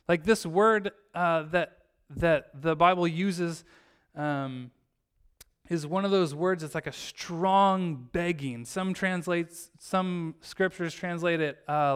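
A man's voice: a little high, clear, resonant tone. A man preaching a sermon as pastor, telling a story and acting out its characters' lines in his own voice. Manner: storytelling, acts out the characters' lines with lively shifts.

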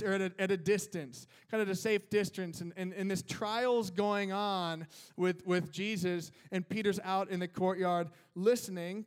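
High-voiced, casual preaching pastor. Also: male voice. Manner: casual, conversational, with fillers like "man" and "like". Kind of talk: sermon.

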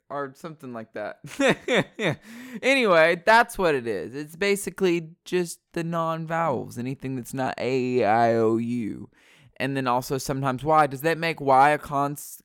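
Solo podcast host, man: slow, smooth voice, rambling and playful, dry bedroom sound. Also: mid-range voice, fairly bright tone, no room sound. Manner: playful, rambling, repeats words, drifts from the mic. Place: his bedroom.

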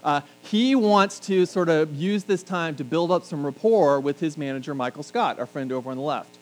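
This sermon comes from a middle-aged pastor whose voice sits on the high side, speaking at normal speed. The recording is poor, with a faint mains hum, and he chats with the congregation while tossing in jokes.

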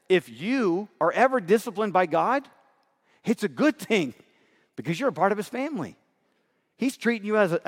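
Pastor, male, middle-aged: earnest, emphatic sermon delivery with a slightly high voice and long hall reverb. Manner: earnest, emphatic, often checks in with "right?".

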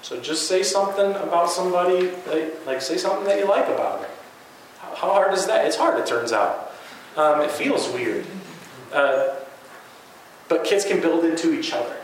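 Man, teacher and coach, earnest conversational talk, slightly high voice, very echoey room, faint background hum. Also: animated, normal speed. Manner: earnest, conversational, many fillers and restarts. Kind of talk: conference talk to educators.

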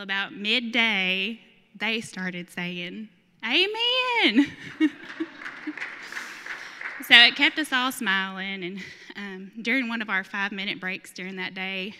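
A woman's voice: medium pitch, bright, forceful tone, clean tone, in a large hall. A woman earnestly telling a congregation about her mission trip, getting emotional at times. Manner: emotional, earnest storytelling with laughs. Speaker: church mission volunteer. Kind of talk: personal testimony to a congregation.

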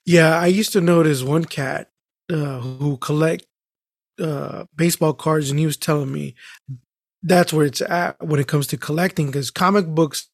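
A man's voice: on the high side, fairly even intonation, moderate pace, creaky, no echo, clean studio sound. A man in casual chat, telling rambling stories, swearing freely and laughing often.

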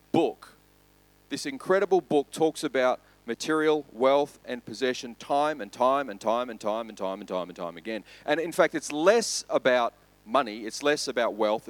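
Australian pastor preaching conversationally. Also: male voice, mid-range voice, no room sound, rough recording. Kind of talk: sermon.

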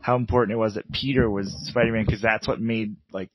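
A man's voice: on the low side, steady tone, fairly quick, lo-fi sound, background noise. A man co-hosting a podcast, chiming in casually with short, loose remarks full of "like". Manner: loose, short reactions, filler "like". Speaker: podcast co-host. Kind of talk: casual chat.

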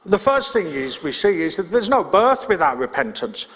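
A man's voice: high-pitched, big pitch swings, moderate pace, fairly bright tone, long reverb tail. A male pastor preaching a sermon in an earnest, plain-spoken way, repeating his key points. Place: church.

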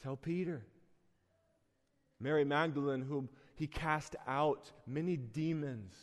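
A man's voice: fairly high pitch, a little slow. A man preaching a sermon in a church, conversational and earnest, with sudden rising bursts of emphasis. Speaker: pastor. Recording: long hall reverb.

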